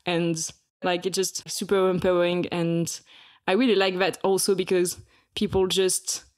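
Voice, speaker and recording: A young woman with a French accent, chatting as a podcast guest in halting English, searching for words and laughing often. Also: fairly low pitch, flat delivery. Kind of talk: casual interview chat.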